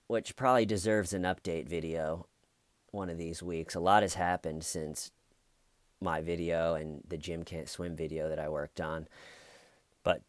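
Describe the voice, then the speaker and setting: A man's voice: low-pitched, clean tone, no echo, clean studio sound. A man talking through a true-crime story in a rambling, conversational commentary full of fillers and restarts. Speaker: commentary youtuber.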